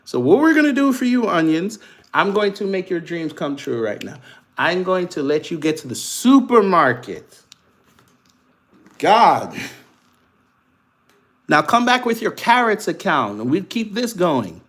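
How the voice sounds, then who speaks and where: Unhurried and sing-song, with long pauses, the host's high-pitched, slightly bright voice carries his casual political commentary on the livestream. He uses African American Vernacular English, laughing while mocking and trash-talking commenters.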